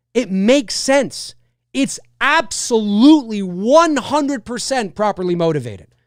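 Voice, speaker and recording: A man's voice: extremely high pitch, dry recording, studio quality. A man hosting a casual livestream, rambling animatedly about a film and answering viewer comments. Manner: animated, rambling, frequent restarts and fillers. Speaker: livestream host. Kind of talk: casual live chat reading viewer comments.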